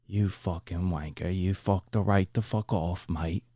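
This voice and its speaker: A man's voice: sits low, steady tone, a little slow, mellow, dry recording, studio quality. A man putting on a crude, exaggerated mock British accent as a grumpy, swearing bloke. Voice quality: exaggerated, sloppy imitation accent.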